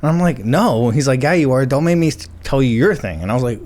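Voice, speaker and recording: A man's voice: medium pitch, fast. A man co-hosting a casual podcast, telling stories with lots of swearing and acting out what people said. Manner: swearing, animated storyteller acting out quotes. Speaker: podcast co-host. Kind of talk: casual storytelling chat.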